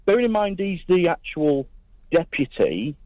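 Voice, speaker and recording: A man's voice: a little high, big pitch swings, moderate pace, no room sound. A male caller from Lincolnshire with a Lincolnshire accent, chatty and jokey, nursing a cold and a sore throat. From Lincolnshire, England. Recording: tinny phone line.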